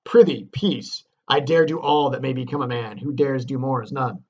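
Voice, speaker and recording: A man's voice: medium pitch, moderate pace, darkish tone, lo-fi sound, lightly acted. A man voicing a scheming noblewoman from a stage tragedy, reading her lines with scornful, taunting declamation. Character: scheming noblewoman, fierce and mocking.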